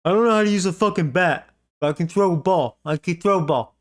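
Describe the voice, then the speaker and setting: A man's voice: high voice, fast talker, voice pushed up, lightly acted. A man voicing a boastful, dim-witted male baseball player who brags about his throwing arm in a blunt, simple way.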